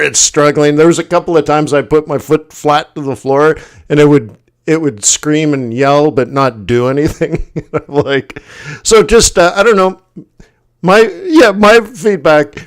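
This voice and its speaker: A man hosting a casual livestream, telling a story in an animated way, often acting out quoted voices and laughing. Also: on the high side. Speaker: forex livestream host.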